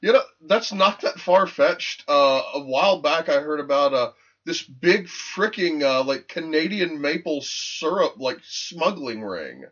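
A man's voice: on the high side, a little slow. A man co-hosting a podcast, ranting and swearing freely in casual banter. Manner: profane, ranting, animated. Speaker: podcast co-host. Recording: muffled lo-fi podcast audio.

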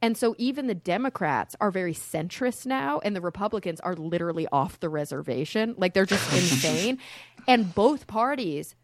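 A woman from Texas, a science guest on a podcast, talking in an outspoken, animated, rambling way. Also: lowish voice, moderate pace, hardly any pauses, no room sound, studio quality. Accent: none, no Southern accent. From Texas, USA. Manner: outspoken, animated, talks in long rambling stretches. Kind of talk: casual podcast interview.

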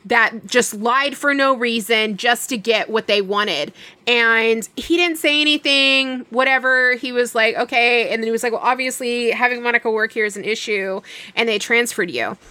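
A woman's voice: fairly high pitch, no room sound. A young woman casually telling a long work story, acting out the dialogue as she goes. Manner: animated retelling with quoted dialogue.

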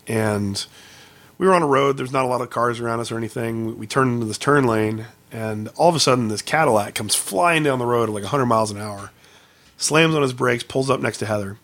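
A man's voice: medium pitch, a bit bright. A man co-hosting a podcast, casually telling funny anecdotes and laughing often. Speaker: podcast co-host. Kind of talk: casual chat, storytelling.

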